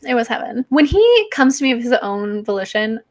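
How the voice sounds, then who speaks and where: A woman hosts a relaxed livestream, chatting easily and reading viewer comments aloud. Her voice sits a little high. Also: fairly quick. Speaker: livestream host. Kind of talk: casual chat on a livestream.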